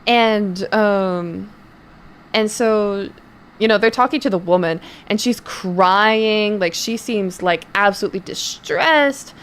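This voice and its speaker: A young woman streamer casually telling a rambling story to her chat, full of fillers and swearing. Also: medium pitch. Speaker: streamer and voice actor.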